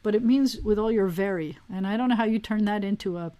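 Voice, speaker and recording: A woman's voice: medium pitch, quick pace, dark tone. Woman rabbi teaching a hebrew class on a video call, chatty, wanders off topic, lots of ums. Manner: chatty, digressive, with frequent fillers. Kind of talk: casual online class teaching.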